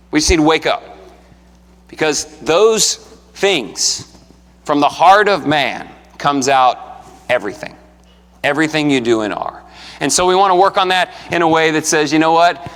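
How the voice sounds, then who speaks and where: A man's voice: a little high, bright, forceful tone. A man in his thirties preaching a sermon in a conversational, earnest way, rising to emphatic peaks. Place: church sanctuary. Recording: long reverb of a church hall.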